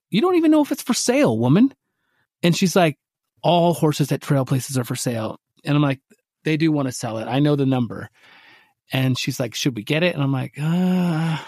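A man co-hosting a podcast, telling a story in casual chat and acting out his own quotes with lively energy. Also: on the high side, dry recording, studio quality. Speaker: podcast co-host.

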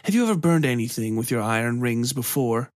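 A man's voice: mid-range voice, expressive, fairly quick, no room sound, studio quality, close to an everyday voice. A man voicing a sly, provocative village priest who taunts in a hissing, insinuating way. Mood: mocking.

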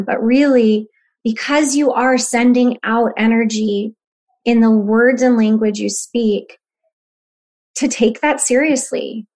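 Casting: woman in her thirties, slightly high voice, earnest podcast guest explaining her practice. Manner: earnest, warm reflective explaining. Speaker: human design guide, podcast guest. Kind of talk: podcast conversation.

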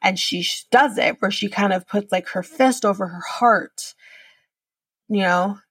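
A woman's voice: medium pitch, a little slow, a bit bright, slightly rough, no echo, recorded from a distance. A woman hosting a podcast, recapping a reality show in a chatty way, swearing casually and using lots of fillers. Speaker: podcast host.

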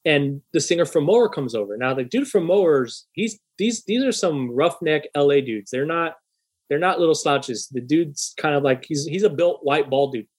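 Animated, profane storytelling guy. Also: a little high, moderate pace, slightly rough. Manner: animated, profane, acts out quoted voices. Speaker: podcast host. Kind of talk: casual storytelling chat.

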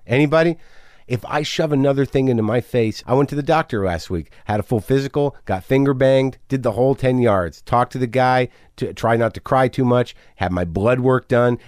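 A man's voice: mid-range voice, darkish tone, dry recording, clean studio sound. A middle-aged man hosting a podcast, talking in a manic, rambling, profane confessional monologue. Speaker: podcast host.

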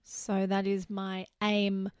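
A young Australian woman co-hosting a podcast, chatting casually and rambling, quick to laugh. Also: medium pitch, completely flat delivery, darkish tone, clean tone, no room sound, clean studio sound. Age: young adult. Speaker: podcast co-host. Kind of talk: casual chat.

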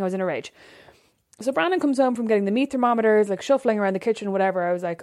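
A woman's voice: mid-range voice, fast talker, a little mellow. A young woman, chatting casually as a podcast co-host and telling a story, acting out the quotes with lots of life. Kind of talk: casual chat.

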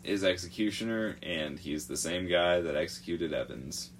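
Male podcast host, very low voice, loose halting true-crime narration. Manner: halting, many fillers, swears freely.

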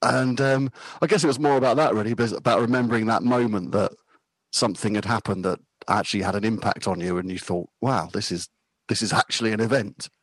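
A man's voice: lowish voice, brisk, husky, dry recording, low-quality recording. A man in his fifties chatting casually about music, rambling and self-deprecating, laughing easily. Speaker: podcast guest.

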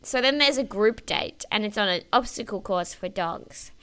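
A woman's voice: medium pitch, animated, moderate pace, bright, forceful tone. A woman co-hosting a podcast, chatting casually about a TV show, laughing often and swearing freely. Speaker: podcast co-host. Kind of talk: casual chat recapping a TV show.

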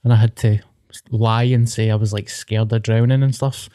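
A man's voice: fairly low pitch, little pitch movement, moderate pace, warm tone. Sweary Scottish man telling stories. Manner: storytelling, sweary, laughing. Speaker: podcast co-host. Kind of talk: casual chat.

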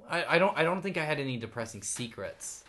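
A man's voice: fairly high pitch, lively intonation, quick pace, fairly bright tone. A man co-hosting a podcast, chatting casually, joking and rambling with frequent laughs. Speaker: podcast co-host. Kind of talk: casual chat.

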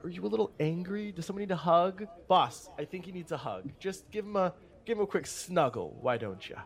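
A man's voice: mid-range voice, animated, takes it slowly, a little mellow. A man voicing a sarcastic, teasing woman barkeep in a tabletop game, with a mocking, sing-song delivery.

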